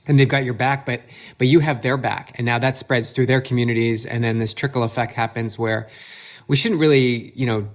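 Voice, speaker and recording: A man's voice: medium pitch, fairly even intonation, a little fast. Chatty guy host, hyped up and encouraging, rambles on, mid-range voice. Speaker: podcast host. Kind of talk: casual interview chat.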